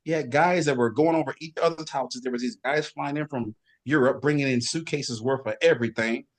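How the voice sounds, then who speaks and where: A middle-aged man, a guest bodybuilder, telling lively backstage stories and imitating other people's voices in casual chat. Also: medium pitch, a little fast. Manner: animated storyteller, does voices of others. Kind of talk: casual storytelling.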